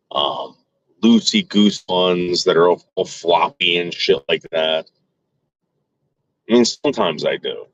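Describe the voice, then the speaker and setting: A man's voice: low-pitched, no echo, highs cut off. A man vlogging to his viewers in a crude, rambling casual monologue full of fillers and restarts.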